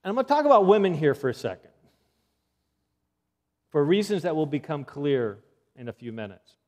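A man's voice: a little high, very animated, normal speed, darkish tone. A man giving an earnest health lecture, emphatic and given to repeating key points.

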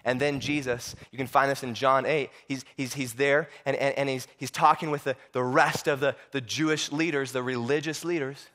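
A man preaching a sermon, telling stories with animated voices and frequent repeated words. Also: mid-range voice, normal speed, hardly any pauses.

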